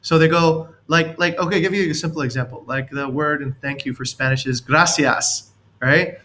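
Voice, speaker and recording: A man's voice: fairly high pitch, fairly even intonation, normal speed, sharp tone. A man leading a team session, coaching on leadership in a rambling, anecdotal way and chuckling as he explains.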